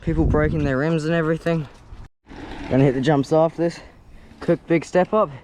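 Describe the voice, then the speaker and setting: A man's voice: on the high side, steady tone, a little fast, background noise. A man giving slangy, casual commentary while riding a mountain bike on outdoor trails, swearing loosely as he goes. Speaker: mountain biker vlogger. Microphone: action camera while riding.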